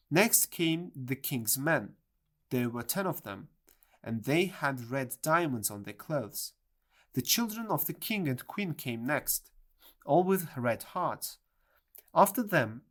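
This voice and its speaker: A reader narrating a storybook with a lively voice. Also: mid-range voice. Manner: clear, measured reading. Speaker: audiobook reader.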